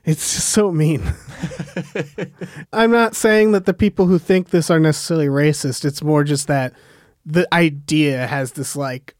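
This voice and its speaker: A man guest on a podcast, chatting casually in an earnest, animated way. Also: on the high side, a little slow, no room sound, clean studio sound. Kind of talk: casual chat.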